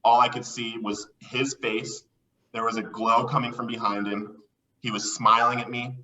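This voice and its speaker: A man guest on a podcast, telling a personal story in an excitable way and acting out the voices he quotes. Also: mid-range voice, normal speed, far from the mic, poor audio. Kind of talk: animated storytelling.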